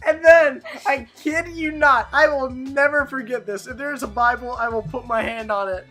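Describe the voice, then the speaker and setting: A teenage boy co-hosting a podcast, telling a story in a lively way and acting out shouts and laughter. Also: very high-pitched, fairly quick, soft background music. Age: teens. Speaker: podcast co-host. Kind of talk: casual chat, storytelling.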